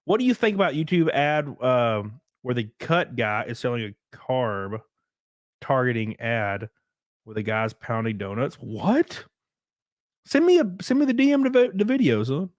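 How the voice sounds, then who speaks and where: A man's voice: medium pitch, very animated, a little slow, no room sound, studio quality. A man hosting a casual solo livestream, rambling and crude, often laughing as he reads out chat comments. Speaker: livestream host.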